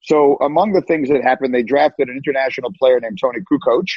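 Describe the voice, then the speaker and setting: A man's voice: medium pitch, quick pace, husky, no echo. A man telling sports stories as a podcast guest, emphatic and given to repeating words as he starts sentences. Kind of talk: animated storytelling. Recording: dull lo-fi, dry.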